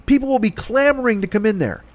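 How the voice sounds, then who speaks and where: A man's voice: high-pitched, lively intonation, fast, no echo. A man from Chicago telling an exasperated, profanity-laced story in a casual podcast monologue.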